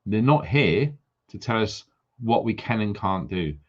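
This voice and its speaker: A man hosting a livestream, ranting sarcastically and firing off rhetorical questions with indignant high jumps for emphasis. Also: expressive, measured pace. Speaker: livestream host. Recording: dull lo-fi stream audio.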